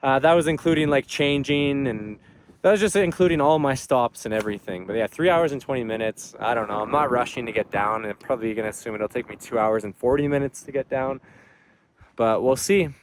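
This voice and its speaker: A man's voice: medium pitch, a little fast. Young man, hiking vlogger, chatty, rambling, outdoors, faint background noise. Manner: chatty, upbeat, rambling with fillers. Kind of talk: casual vlog talk to camera. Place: outdoors on a mountain trail.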